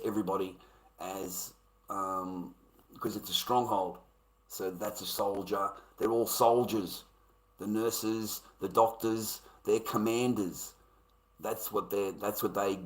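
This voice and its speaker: Man, streamer, profane blunt rant, lowish voice, tense and forceful. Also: poor audio. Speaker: livestreamer. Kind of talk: live-stream chat rant.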